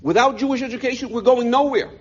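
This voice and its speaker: A man, a rabbi from the United States, telling his life story in an animated way, often repeating words as he goes. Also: extremely high pitch, quick pace, husky, muffled recording. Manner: animated, repeats words, voices quoted people. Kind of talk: personal storytelling talk.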